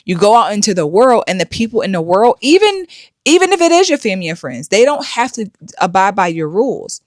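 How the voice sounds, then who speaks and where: A woman's voice: medium pitch, very animated, brisk, no echo. Blunt, lecturing woman host, dry sound. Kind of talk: commentary vlog.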